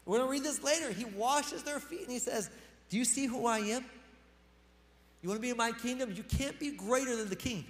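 A male pastor with a very high voice delivers a lively sermon. He punches key lines loudly and then drops into fast, quieter asides. The sound rings with the long reverb of a church hall. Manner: animated, swings between loud emphasis and quick asides.

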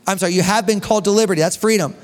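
A man preaching a sermon as pastor, animated and reading scripture aloud to his congregation. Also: sits high, rapid-fire, in a large hall. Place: church hall.

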